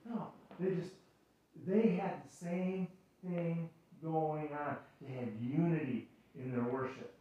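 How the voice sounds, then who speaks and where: Speaking slowly in a steady, mellow tone, this male pastor has a voice on the high side, with the highs cut off in the recording. His conversational sermon mixes storytelling, playfully acted voices and jokes at his own expense. The sound is echoey and distant, captured in a church sanctuary.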